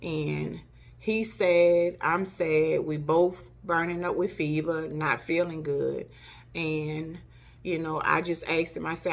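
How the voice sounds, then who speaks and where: Slow-talking woman telling a personal story. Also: deep voice, steady tone, creaky. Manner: emotional, retelling with reenacted gasps and cries. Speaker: vlogger.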